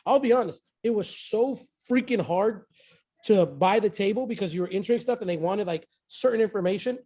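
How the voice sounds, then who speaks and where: A man sharing a success story with his team in a casual motivational talk, excitable and repeating phrases for emphasis. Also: high voice.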